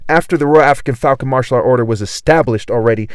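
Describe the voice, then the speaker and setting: A man's voice: medium pitch, rapid-fire, clean tone, no room sound, clean studio sound. A man reading scripture aloud and rambling through his own commentary, often tagging his sentences with "right?" and repeating words. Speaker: self-styled religious teacher.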